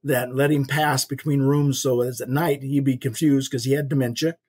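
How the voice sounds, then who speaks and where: A husky, darkish medium-pitched voice with fairly even intonation carries this older man's story at a moderate pace. Guesting on a podcast, he earnestly recounts a personal faith experience in folksy storytelling, acting out the people he quotes.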